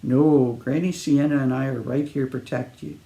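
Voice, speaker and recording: Man reading as a calm, gravelly grandfather. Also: medium pitch, normal speed, echoey room, lightly acted. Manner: calm, reassuring. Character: gentle grandfather soothing a child.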